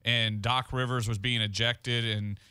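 Co-hosting a podcast, this man speaks a little slowly at medium pitch with a flat delivery, his tone bright, forceful, clear and resonant. The casual chat wanders as he keeps interrupting himself and starting over. The sound is dry and clean, straight from a studio.

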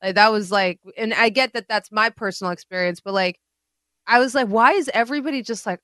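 A woman's voice: medium pitch, a little fast, sharp tone, no room sound. A woman co-hosting a casual podcast chat, talking bluntly and with animation, swearing freely and dropping in Hindi-Urdu words. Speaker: podcast co-host.

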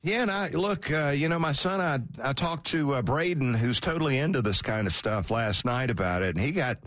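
Animated sports radio host. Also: male voice, medium pitch, normal speed, dry recording, studio quality. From Georgia, US. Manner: animated, wry, chatty. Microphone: studio mic.

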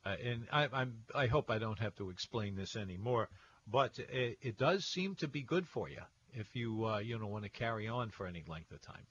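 A man hosting a radio call-in show, talking in a relaxed way with plenty of pauses and fillers. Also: lowish voice, muffled recording, slight background noise. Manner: relaxed, hesitant with many fillers.

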